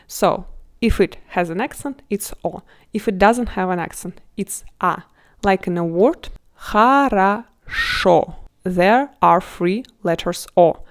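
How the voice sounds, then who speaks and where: Woman tutor, talks real slow, spells words out syllable by syllable, patient. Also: mid-range voice, darkish tone. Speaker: Russian language tutor. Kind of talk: slow language lesson.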